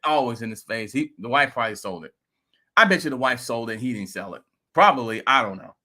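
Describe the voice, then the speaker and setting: A man hosting a crypto vlog, telling a rambling, animated story in casual talk. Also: mid-range voice, brisk. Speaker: crypto video host.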